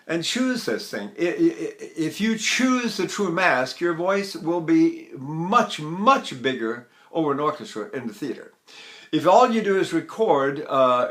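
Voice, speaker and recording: Bright-voiced older man teaching singing. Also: a little high. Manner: explains in short phrases, then sings syllable exercises. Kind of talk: vocal technique lesson with sung demonstrations.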